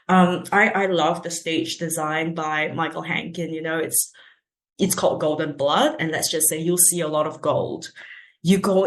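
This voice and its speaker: Animated woman from Singapore, roomy sound. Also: on the low side. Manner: animated, laughs often, fillers. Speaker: playwright and performer guest. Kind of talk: casual interview chat. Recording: roomy echo.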